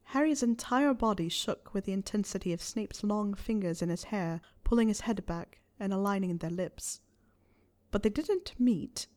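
A woman reading fan fiction aloud in a soft, steady storytelling voice. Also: mid-range voice, normal speed. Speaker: reader.

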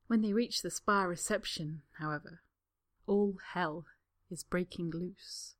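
A woman narrating a story in a calm, even reading voice. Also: fairly low pitch, measured pace. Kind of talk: storybook reading of fan fiction.

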